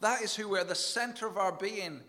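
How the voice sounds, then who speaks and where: High-voiced earnest male preacher. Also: a little fast, sharp tone. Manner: earnest, emphatic, repeats words as he goes. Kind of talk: sermon.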